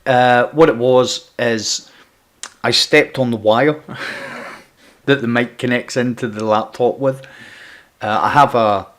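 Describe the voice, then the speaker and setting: A game streamer with a mid-range, fairly bright voice talks slowly, with fairly even intonation and frequent pauses. Using an external USB mic at his home gaming setup, he chats casually with viewers by name, often restarting as he goes.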